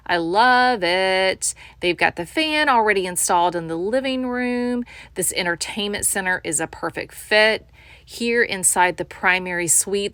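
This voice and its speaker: A woman's voice: lowish voice, a bit bright, clear, resonant tone, dry recording. An enthusiastic woman giving a home tour as a real estate agent, often calling out to viewers as "you guys.".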